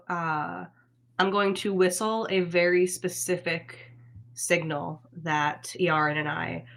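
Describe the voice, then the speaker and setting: A woman's voice: on the low side, fairly bright tone. A woman playing an elf in a tabletop game, describing her moves casually with lots of hesitation. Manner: chatty, hesitant with fillers. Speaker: player. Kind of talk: casual tabletop role-play.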